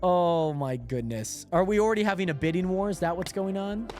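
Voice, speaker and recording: A young man live-streaming a game, chatting excitably to his viewers and greeting them by name, with lots of "like" and "hold on". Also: sits high, brisk. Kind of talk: casual livestream chat while gaming.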